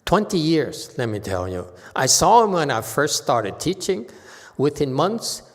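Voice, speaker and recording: Animated monk telling stories in a hall. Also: male voice, a little high, unhurried. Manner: animated, repetitive, keeps asking "okay?". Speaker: Buddhist monk and teacher. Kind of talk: dharma lecture, anecdotal storytelling. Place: temple lecture hall. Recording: reverberant hall.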